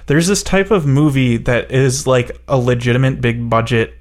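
A man's voice: mid-range voice, moderate pace. Rambling, jokey man in movie talk. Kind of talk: casual chat about a movie.

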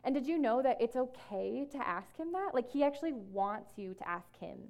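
A woman speaking to a room as ministry staff, casual and conversational with many fillers, slowing down whenever she reads scripture. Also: a little high, expressive, a little mellow. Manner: slows down to read scripture. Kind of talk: talk to a group. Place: room with an audience.

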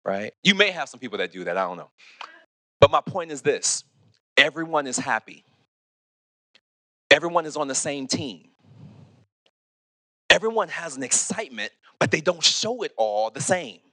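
A man preaching a sermon as pastor, animated, often restarting and asking "okay?". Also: on the high side, normal speed, pauses often, no room sound, studio quality. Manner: animated, repeats words, asks "okay?" often.

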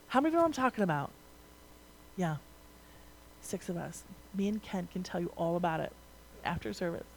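A young woman delivering a sermon in a relaxed, chatty way, full of casual asides and tag questions. Her voice sits at a middle pitch and climbs in force when she drives a point home. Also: low-quality recording. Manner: conversational, rising to emphatic, frequent "like" and "right?". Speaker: preacher.

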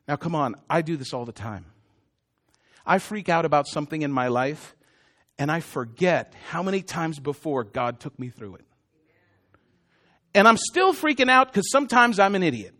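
A man with a strikingly high voice preaches a sermon. His delivery is casual and chatty, full of self-deprecating jokes and quick asides to the congregation. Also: animated, a bit bright. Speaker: pastor.

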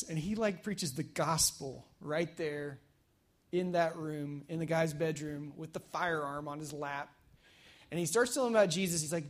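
A man preaching a casual, energetic sermon at a church service, telling stories in a chatty way with fillers. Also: on the high side, normal speed. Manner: energetic, conversational storytelling with fillers. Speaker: pastor.

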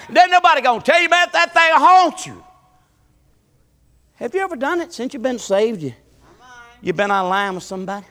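A man preaching a sermon in a church, swinging from loud shouts to low, quiet talk. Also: brisk, long pauses, long reverb tail. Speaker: pastor. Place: church sanctuary.

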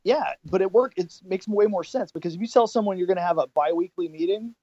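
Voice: mid-range voice, quick pace, warm tone, no room sound. A middle-aged podcast co-host telling rambling anecdotes in casual chat, with plenty of restarts. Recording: dull lo-fi dry sound.

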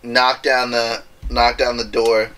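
A man chatting casually about a movie, retelling scenes with quick voice impressions and bursts of laughter. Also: mid-range voice, little pitch movement, sharp tone, rough recording. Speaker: podcast co-host.

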